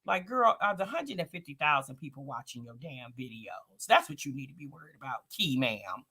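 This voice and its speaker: A woman's voice: extremely low pitch, sing-song, fairly quick, bright, forceful tone, breathy edge. A woman hosting a casual commentary live stream, gossiping in a sassy, slangy way and reading out chat comments. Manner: slangy, calls people sis and honey. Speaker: commentary channel host.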